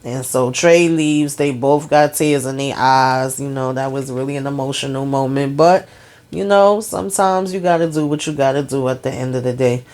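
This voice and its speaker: A woman's voice: very deep voice, normal speed, a little mellow. A woman hosting a casual TV episode recap, chatty and talking straight to her viewers. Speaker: TV recap host.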